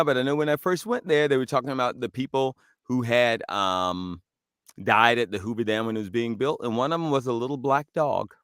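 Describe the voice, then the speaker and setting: A man's voice: medium pitch, no echo, studio quality. A man guesting on a podcast, telling playful, provocative stories in casual chat. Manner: animated storyteller, playful and provocative. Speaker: guest actor.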